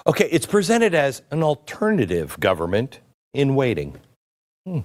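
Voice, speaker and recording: A man's voice: medium pitch, huge pitch swings, moderate pace, darkish tone. A man hosting political commentary, talking in a sarcastic, mocking way.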